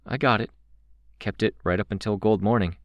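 A man's voice: fairly low pitch, fairly even intonation, brisk, no room sound, highs cut off, pitched above the performer's own voice, natural voice. A man voicing a guarded, direct young woman who asks careful, probing questions.

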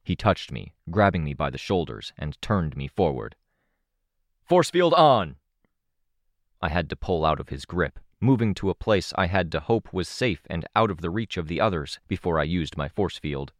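A man reading a first-person action story aloud in a steady, dramatic storytelling manner. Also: low voice, moderate pace, hardly any pauses, no echo, clean studio sound. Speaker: audiobook narrator. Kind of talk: scripted first-person narration.

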